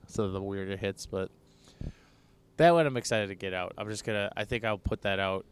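Young guy on a podcast, lowish smooth voice, rambly, keeps restarting his sentences. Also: a little fast. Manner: rambling, self-interrupting, laughs easily. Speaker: podcast co-host. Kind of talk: casual chat. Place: outdoors.

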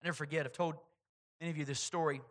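A man preaching a sermon as pastor, swinging between loud, stressed points and quiet, hushed storytelling. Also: on the high side, fairly even intonation, racing.

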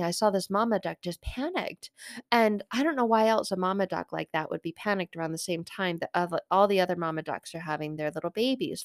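A middle-aged woman and mother telling a personal faith story as a podcast host, rambling and animated and often correcting herself. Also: on the low side, no room sound, clean studio sound.

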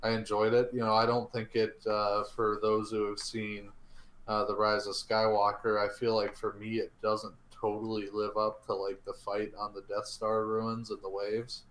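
A man's voice: on the low side, completely flat delivery, normal speed, fairly bright tone, reverberant, poor audio. A man chatting casually, hesitant and noncommittal, often restarting his sentences. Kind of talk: casual chat.

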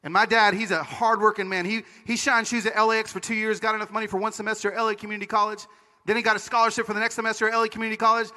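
High bright animated male speaker on stage. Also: rapid-fire. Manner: animated, comic, acts out voices. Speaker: conference speaker. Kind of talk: storytelling conference talk. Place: conference stage. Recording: large hall reverb.

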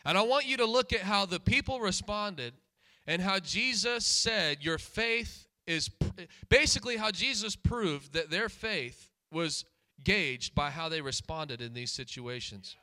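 Preacher guy, high bright voice, keeps hammering the same phrases and asking the crowd questions. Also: expressive, normal speed. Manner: emphatic, repeats key phrases, asks the congregation questions. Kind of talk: sermon.

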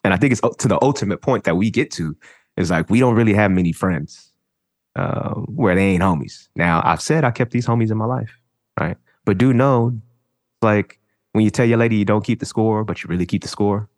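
A man in casual chat as a podcast co-host, talking in a relaxed, reflective way with plenty of slang. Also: on the low side, a little fast, no room sound, clean studio sound.

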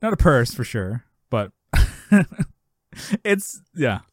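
A man co-hosting a podcast, casually recapping a sitcom episode and acting out the characters' lines with his voice jumping up high. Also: takes it slowly, slightly rough, no room sound, studio quality. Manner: animated retelling, acting out characters' lines in a raised voice. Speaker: podcast co-host.

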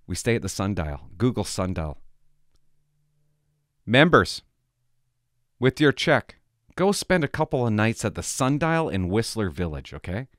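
A middle-aged man talking casually to his viewers, rambling from one story to the next and often restarting his sentences. His voice sits fairly low and moves through a wide range of pitch. The recording is dry and close. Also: big pitch swings, a little slow, long pauses, no room sound. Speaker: vlogger. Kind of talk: casual vlog chat.

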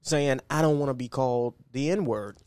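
A man's voice: medium pitch, moderate pace, darkish tone, no room sound, clean studio sound. A man co-hosting a casual sports podcast, giving opinionated takes and laughing easily. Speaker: podcast co-host.

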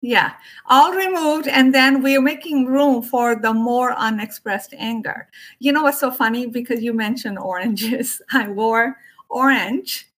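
A woman's voice: fairly high pitch, unhurried. A woman who is an Ayurvedic doctor and yoga teacher, chatting casually about emotions and acting out quoted voices. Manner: animated, acts out quoted voices. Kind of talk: casual spiritual conversation.

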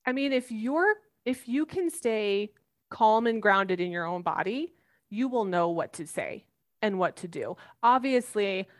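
A woman's voice: mid-range voice, expressive, measured pace. A woman in her thirties, a mother answering interview questions earnestly and animatedly, acting out everyday examples. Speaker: parenting guest expert.

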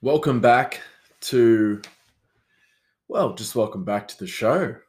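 A man's voice: mid-range voice, slow, a little mellow, soft background music. A man, hosting a solo podcast in a rambling, self-mocking chat that answers itself. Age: 30s. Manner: rambling, self-mocking, talks back to himself. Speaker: podcast host.

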